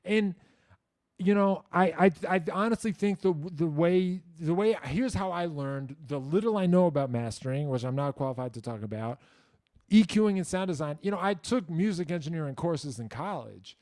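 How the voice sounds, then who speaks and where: A man's voice: fairly high pitch, expressive, normal speed, a little mellow, no room sound, clean studio sound. A man hosting a casual livestream Q&A, answering viewer questions in a rambling, self-deprecating way, full of likes and you-knows and blunt, profane asides.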